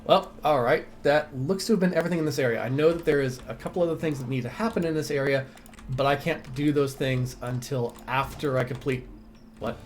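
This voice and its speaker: A man's voice: mid-range voice, fairly quick, a little hiss or hum. A man streaming a role-playing game, chatting casually, laughing often and reading game text aloud. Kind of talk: casual gameplay commentary. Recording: faint game music behind.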